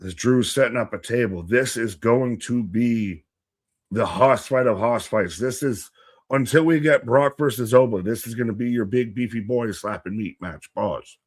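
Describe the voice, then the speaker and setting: A man co-hosting a live wrestling watch-along, rambling and animated, joking with the chat. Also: medium pitch, moderate pace.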